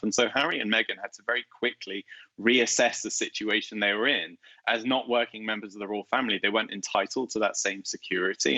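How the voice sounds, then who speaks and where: A man answering interview questions as an author, in a measured, articulate way with light emphasis. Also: fairly low pitch, pushed and bright, no room sound, muffled recording. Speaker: guest author.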